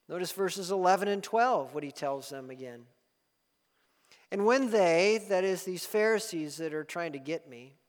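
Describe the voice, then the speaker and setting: A man preaching a sermon as pastor, his voice swelling loud and fast and then dropping to a soft hush. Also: a little high. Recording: long hall reverb.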